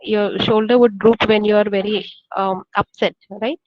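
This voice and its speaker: A woman teaching a poem, reading lines slowly and then explaining them with rhetorical questions. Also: medium pitch, fairly even intonation, no echo, lo-fi sound. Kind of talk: poetry lesson, explaining line by line.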